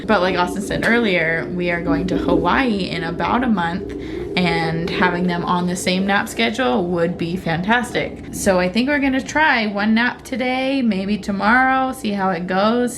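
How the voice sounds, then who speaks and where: A woman's voice: medium pitch, normal speed, background noise. A young woman and mother chatting casually in a family vlog, full of fillers and restarts. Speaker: vlogger, mother.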